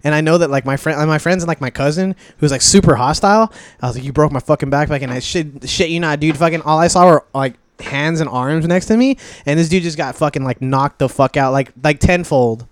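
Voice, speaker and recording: A young man talks fast, racing through rambling stories stuffed with "like" and curse words. His voice sits a little high for a man. It is loose, casual chat among friends. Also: clean tone, dry recording. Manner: rambling storyteller, heavy swearing and fillers.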